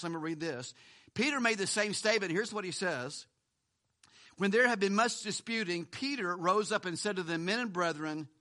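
With a high-pitched voice, a man preaches conversationally, shifting from forceful emphasis to hushed lines and adding asides and laughs.

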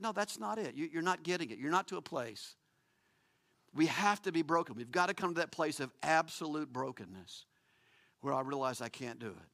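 A man's voice: on the high side, expressive, brisk, bright, forceful tone. A man preaching a sermon, emphatic and repetitive, acting out quoted lines.

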